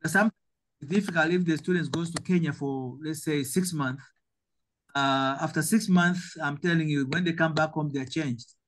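Tanzanian guy in his 70s, kinda high voice, emphatic, keeps repeating words as he restarts. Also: moderate pace, fairly bright tone. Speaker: guest. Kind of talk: interview answers.

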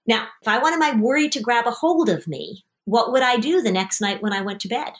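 A middle-aged woman, an anxiety therapist and podcast host, speaks with a fairly high pitch and a slightly fast pace. She runs a session coaching a parent and child, telling stories in a lively way and acting out scenes with different voices.

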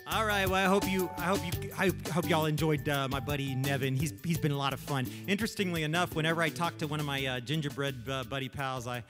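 A man's voice: a little high, fast talker, hardly any pauses. A man hosting a church puppet show as ventriloquist, talking in a folksy, rambling way. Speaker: ventriloquist host. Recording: hall reverb with music.

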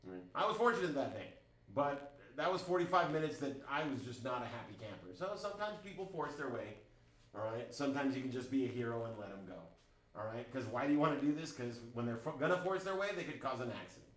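Fast-talking with lively intonation, this middle-aged man has a medium-pitched, slightly bright voice. He's a driving instructor lecturing a class through chatty stories and frequent "right?" check-ins, and the audio is reverberant and poor.

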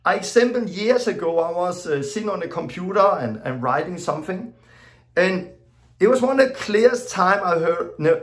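A middle-aged man giving an informal teaching talk as a preacher, telling stories and acting out his own exclamations in plain, loosely worded non-native English. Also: high voice. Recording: echoey room.

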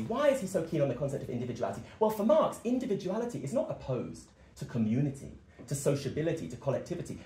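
Animated man giving an impassioned speech. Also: fairly high pitch. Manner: impassioned, rhetorical, emphatic. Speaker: speaker at a political meeting. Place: meeting room. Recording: echoey meeting room.

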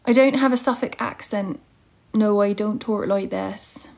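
A woman's voice: mid-range voice, measured pace, vocal fry, a little mellow. A young woman hosting a casual livestream and teaching English online, greeting viewers by name and reading out their star signs.

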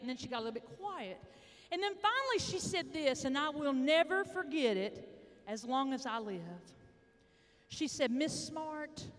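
A middle-aged woman with an Arkansas accent giving a motivational speech, telling folksy stories with dramatic pauses. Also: high-pitched, a bit bright. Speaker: motivational speaker. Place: large indoor hall, addressing an audience. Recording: echoey large hall.

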